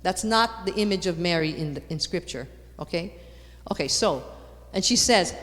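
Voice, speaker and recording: A woman giving a lively conference talk, repeating her points for emphasis and putting rhetorical questions to the audience. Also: lowish voice, moderate pace. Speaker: conference speaker. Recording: long hall reverb.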